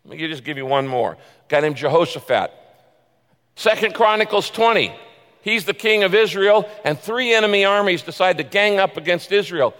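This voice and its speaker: A man preaching a sermon, swinging from loud, pleading quotes down to hushed, confiding asides. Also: high-pitched, moderate pace. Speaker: pastor. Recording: long reverb of a large hall.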